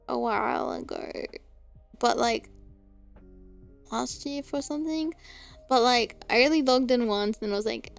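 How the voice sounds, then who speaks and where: A woman's voice: fairly high pitch, vocal fry. A young woman streaming, chatting casually about games, laughing often and swearing now and then. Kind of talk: casual chat.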